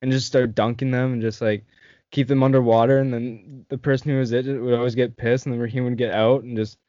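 A young Canadian man hosts a casual chat with friends, telling stories, laughing often and swearing plenty. His voice is medium-pitched, level, brisk and warm, in a dull, lo-fi, dry recording.

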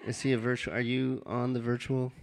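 A man's voice: mid-range voice, little pitch movement, a little fast, creaky. A man hosts an open mic night with easygoing, chatty banter. He thanks each poet and brings up the next.

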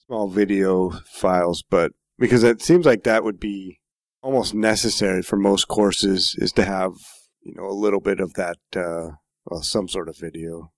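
Low-voiced man making wry quips. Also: steady tone, moderate pace, dry recording. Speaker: podcast co-host. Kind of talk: casual chat.

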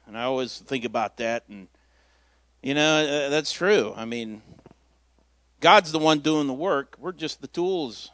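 A man serving as a stand-in lay preacher at church delivers an informal sermon, folksy and story-driven, with self-deprecating humor. His voice is mid-range and a bit bright, his pace moderate, and the recording is dry.

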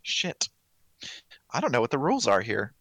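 Laughing man with a lively, bouncy voice. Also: medium pitch, moderate pace, dry recording. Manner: laughing often, playful. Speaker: podcast co-host. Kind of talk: casual comedic chat.

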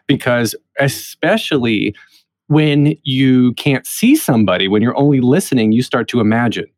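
A man's voice: medium pitch, moderate pace, no room sound. A man hosting a podcast, thinking aloud in long, rambling questions about acting. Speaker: podcast host. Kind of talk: casual podcast interview.

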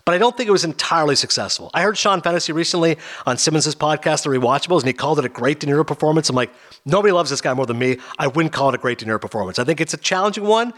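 A man hosts a casual radio chat about movies. He talks very fast in a slightly high voice. He rambles and gets animated as he goes. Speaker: radio host. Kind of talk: casual film talk.

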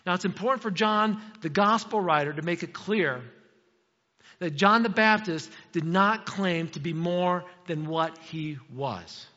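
A middle-aged man, preaching a sermon in a lively, conversational way, telling stories and tossing asides to the congregation. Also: high voice, unhurried. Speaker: pastor. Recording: muffled sound in a reverberant hall.

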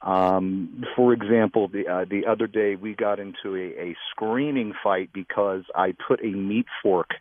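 A man calling in to a radio advice show, speaking hesitantly with many pauses and fillers. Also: lowish voice, steady tone, no echo. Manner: hesitant, with many ums and uhs. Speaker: caller. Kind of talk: call-in radio conversation. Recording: tinny phone line.

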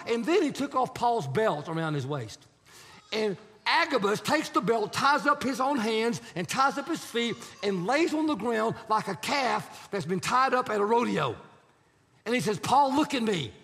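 High-voiced man preaching in a hall. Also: very animated, moderate pace, fairly bright tone. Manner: storytelling with acted-out quotes. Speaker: pastor. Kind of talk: sermon.

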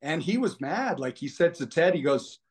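A man, a podcast guest, telling stories in a rambling, animated way full of fillers. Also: on the high side, normal speed. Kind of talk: casual storytelling conversation.

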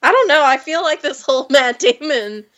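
A young woman co-hosting a casual podcast chat, playful and quick to laugh. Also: high voice, animated, a bit bright. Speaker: podcast co-host.

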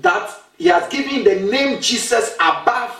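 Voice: mid-range voice, sing-song, measured pace, vocal fry, pushed and bright, soft background music. A preacher giving an emphatic talk, asking questions and repeating key phrases, recorded from a distance in a roomy space. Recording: roomy sound from a distant mic.

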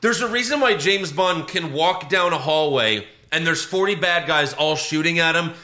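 A man in casual movie-review chat, ranting with swearing, his voice jumping high when he gets outraged. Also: expressive, moderate pace, sharp tone. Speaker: podcast co-host.

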